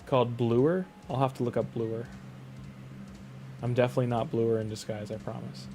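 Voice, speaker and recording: A man's voice: mid-range voice, flat delivery, a little fast, mellow, slight background noise. A young Canadian man with a Canadian accent, chatting casually on a game stream, rambling and restarting his sentences as he goes. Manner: rambling, leans on "like", frequent restarts. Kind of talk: casual live-stream chat.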